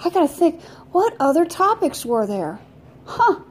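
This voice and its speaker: A woman's voice: very high-pitched, very animated, a little slow, slight background noise. A woman hosting a podcast, chatting casually to her listeners with jokes and rhetorical questions. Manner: chatty, joking, rhetorical asides to the audience. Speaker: podcast host.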